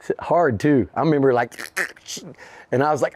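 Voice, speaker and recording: Darkish in tone and medium in pitch, this man speaks at a normal speed but pauses often, recorded dry. He's a middle-aged rapper telling an interviewer an animated story, cursing, laughing, and acting out others' voices.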